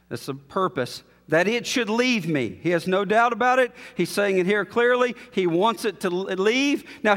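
A male pastor preaches with a high, carrying voice that swells to emphatic high points and then falls back to low, quiet asides. His sermon rings through a church sanctuary, trailed by a long hall reverb. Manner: expository, rising to emphatic peaks, then dropping low.

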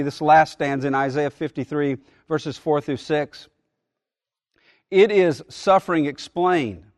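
Male pastor, middle-aged, earnest sermon delivery, slightly high voice, dry sound. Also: dry recording. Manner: earnest preaching, slows and swells on key phrases.

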